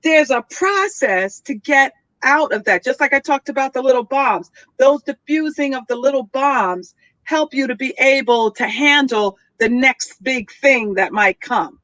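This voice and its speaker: A woman's voice: high voice, expressive, a little slow, fairly bright tone, no room sound. A woman guest speaker in a heartfelt conversation, teaching in an affirming way and checking in with her listener. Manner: teaching, affirming, checks in with okay and all right.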